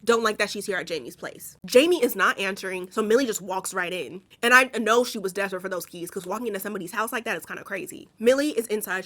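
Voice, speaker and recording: Woman doing a sweary movie recap, fast and animated, acts out the lines. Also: a little high. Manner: profane, animated storytelling with acted-out quotes.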